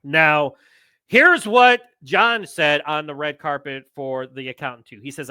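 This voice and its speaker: A male podcast host with a bright, forceful voice that sits a little high. He talks in loose, excitable chat and slides into rants. The sound is dry and close. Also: measured pace, clean tone, dry recording. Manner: excitable, ranting, swears. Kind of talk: casual news chat.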